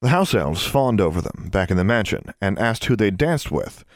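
A male narrator reads a fantasy audiobook in an even, measured manner. His voice sits low and deep, and it is recorded close and dry, with no room sound around it. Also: no room sound.

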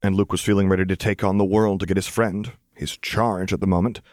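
A man narrating a fan fiction audiobook in a steady, even reading. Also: low-pitched, brisk, no room sound, clean studio sound.

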